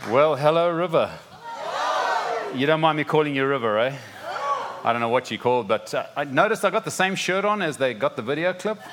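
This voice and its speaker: A man's voice: a little high, lively intonation, brisk, over a noisy crowd, very noisy. Zimbabwean-accented man, chatty preacher. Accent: Zimbabwean English. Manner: chatty, self-deprecating, many restarts and fillers. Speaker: visiting pastor. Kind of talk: sermon opening. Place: church sanctuary.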